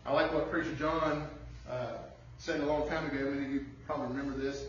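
A man's voice: a little high, fairly even intonation, fast talker, a bit bright, a little hiss or hum. A man preaching an emphatic sermon as pastor, firing off rhetorical questions to the congregation. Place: church sanctuary. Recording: distant, muffled, very echoey room.

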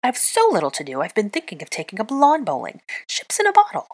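Woman reader voices a proud, shrill young witch in a storybook reading; sarcastic, pitch swinging wildly. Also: wildly swooping pitch, quick pace, slightly rough, full character voice. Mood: indignant. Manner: shrill, sarcastic, pitch leaping high when indignant. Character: exasperated young witch, sharp-tongued and proud.

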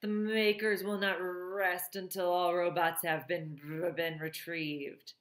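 A woman's voice: lowish voice, little pitch movement, takes it slowly. A woman voicing a dying male robot hunter whose speech stutters and breaks apart, in a roomy space. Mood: fading.

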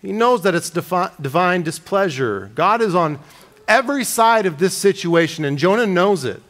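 A man preaching an expository sermon, reading scripture aloud with slowed dramatic emphasis. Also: high voice, animated, a bit bright.

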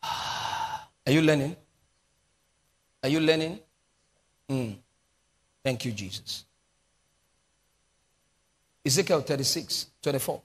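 Nigerian pastor preaching, fairly high voice, repeats lines back at the crowd, big echoey church. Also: male voice. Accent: Nigerian English. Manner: emphatic call-and-response preaching, repeating key phrases. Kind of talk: sermon with prophetic prayer. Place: large church hall. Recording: long hall reverb.

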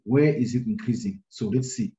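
A man teaching a maths lesson, talking his way through a graph problem out loud, with many fillers and a habit of checking "right?" after each step. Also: on the low side, moderate pace, slight background noise. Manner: thinking aloud, many fillers and repeated "right?". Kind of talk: screen-recorded maths lesson. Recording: roomy, dull lo-fi sound.

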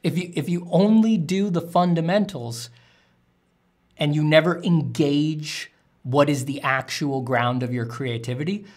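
A man's voice: a little high, darkish tone. A man, an artist streaming while drawing, answering chat questions in a candid, rambling way with casual swearing.

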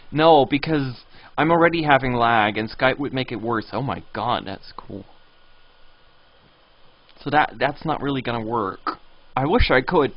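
A man streaming a video game live, rambling and reading signs and chat messages aloud. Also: mid-range voice. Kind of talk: live gameplay commentary. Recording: dull lo-fi stream audio.

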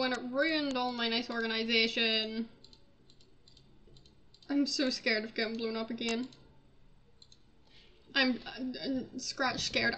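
A woman's voice: on the high side, pushed and bright, slight background noise. A young woman giving casual gameplay commentary, flustered, laughing and easily panicked. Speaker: gaming channel host.

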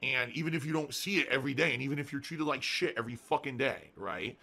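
A man's voice: medium pitch, fast, creaky, pushed and bright. A middle-aged man streaming live, ranting and at times sarcastic as he talks to his viewers. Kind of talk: livestream talk.

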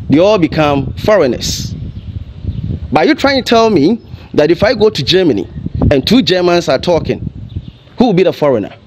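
A Ghanaian man speaking as a TV commentator, his fairly high voice swinging up and down as he presses one rhetorical question after another. He delivers impassioned commentary, openly emotional. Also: a little mellow, slight background noise.

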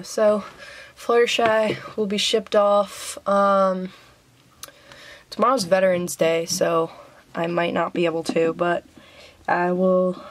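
Young woman, slight Southern US accent, casual vlog, chatty, giggly, lowish pitch. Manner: chatty, many ums, giggly. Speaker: vlogger.

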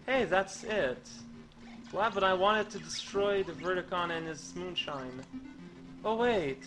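A young man giving rambling, goofy game commentary in a deadpan way, with many stammered restarts. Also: high-pitched, a little slow, soft background music, rough recording. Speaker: let's play commentator.

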